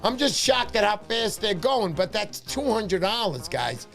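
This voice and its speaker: A man hosting a fishing livestream, talking fast and excitedly, shouting cheers and pitching memberships. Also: creaky, soft background music. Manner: loud, hyped, shouting cheers. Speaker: livestream host. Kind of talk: excited casual livestream chat.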